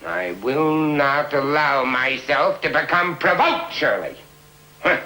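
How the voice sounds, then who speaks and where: A man's voice: fairly high pitch, expressive, slow, bright, forceful tone, heavily acted, low-quality recording. An actor playing a pompous, insistent elocution coach who drills and scolds his pupil, in a 1970s TV movie. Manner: theatrical, repetitive, exasperated scolding. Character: pompous male con-man elocution coach, insistent and fussy.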